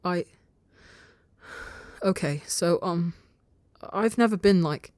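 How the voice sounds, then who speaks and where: A woman's voice: on the low side, slow pace, a little mellow, no echo, studio quality. A woman voicing a shy, stammering young male insect-like creature who talks hesitantly and flustered.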